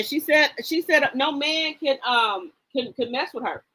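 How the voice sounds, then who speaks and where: A woman's voice: high-pitched, expressive, unhurried, pushed and bright, poor audio. A woman hosting a live stream, chatting casually about gossip and greeting viewers by name in a sassy, chatty way. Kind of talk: casual gossip commentary, reading chat aloud.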